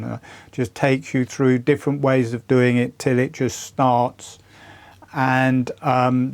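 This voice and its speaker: An older man teaching a breathwork practice in a calm, deliberate, earnest way. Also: medium pitch. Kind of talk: slow guided instruction.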